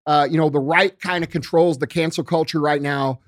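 A man's voice: fairly high pitch, fairly even intonation, fairly quick, dry recording, clean studio sound. A middle-aged man hosting a casual political chat, loose and profane, calling people dude and bro.

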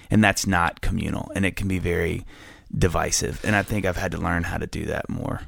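A man in casual conversation, telling lively stories and acting out the voices of the people in them. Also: low-pitched, brisk, gravelly, few pauses, no room sound. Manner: animated storyteller, acts out quoted voices.

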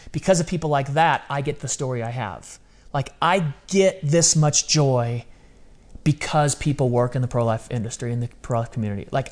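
A man in his thirties, a guest telling a personal story in casual chat, animated and full of slang. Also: fairly high pitch. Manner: animated, casual slang, acts out quoted voices.

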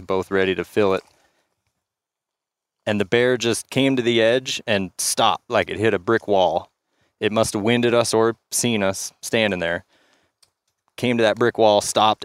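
A man guesting on a podcast, telling a story in a vivid, measured way. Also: fairly low pitch, clear, resonant tone, no echo. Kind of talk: casual storytelling chat.

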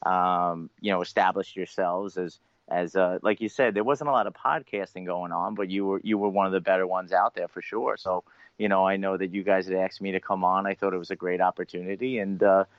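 A man with a Long Island accent co-hosting a casual sports podcast, relaxed and full of "you know" fillers. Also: low-pitched, fairly quick, no echo. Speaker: podcast co-host and blogger. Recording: dull, dry lo-fi mic.

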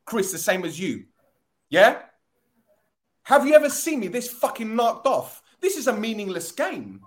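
A man's voice: sits high, huge pitch swings, unhurried. Angry man ranting about football. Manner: angry, sweary, repeats himself. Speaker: football podcast host. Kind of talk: fan podcast rant.

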